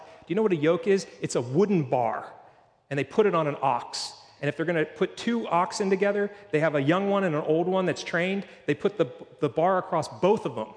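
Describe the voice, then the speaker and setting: A man preaching a sermon in a church, earnest, slowing down to read scripture. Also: on the high side, in a large hall. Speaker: pastor.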